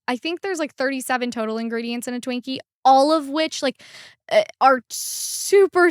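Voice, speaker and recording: A woman's voice: sits high, clear, resonant tone, no echo. Earnest teenage girl, dry close mic. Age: teens. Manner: quick, earnest, upbeat. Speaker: guest. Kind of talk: podcast interview.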